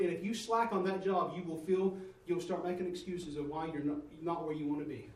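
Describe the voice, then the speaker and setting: A man with a high voice preaches a sermon, telling a story and asking the congregation to answer back. He stands away from the mic in a roomy church, so his voice carries a lot of room echo. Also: steady tone, brisk, few pauses, far from the mic.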